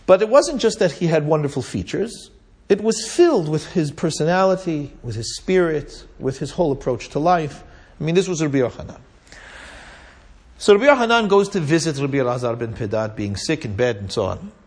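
A man's voice: a little high, big pitch swings, brisk, a little mellow, husky. A man teaching a Talmud class, retelling a story with Hebrew and Aramaic terms and often checking in with "right?". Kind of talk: lively Torah class storytelling.

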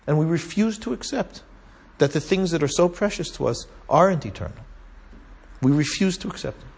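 A man's voice: fairly high pitch, lively intonation, fairly quick, vocal fry, darkish tone, husky. A man teaching a Talmud class, retelling a story with Hebrew and Aramaic terms and often checking in with "right?". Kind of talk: lively Torah class storytelling.

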